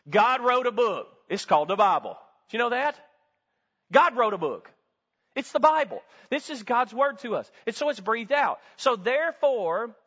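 High-voiced preacher in a reverberant hall. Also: male voice, a bit bright. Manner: emphatic call-and-response preaching with rhetorical questions. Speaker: pastor. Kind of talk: sermon. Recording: dull sound with long hall reverb.

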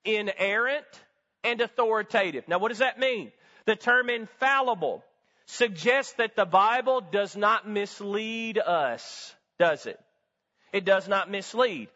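A man with a high voice preaches in a church sanctuary, leaning on emphatic call-and-response and rhetorical questions. The recording is a bit muffled, and his voice trails off into a long hall reverb. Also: lively intonation, measured pace, sharp tone. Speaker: pastor. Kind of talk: sermon.

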